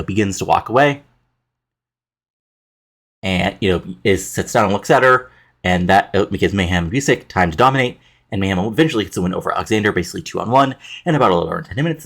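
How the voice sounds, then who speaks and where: A man with a low, gravelly voice walks through his wrestling booking game in a loose, chatty recap. His tone is husky, and he rambles along with plenty of fillers and quick self-corrections. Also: fairly bright tone. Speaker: let's play narrator.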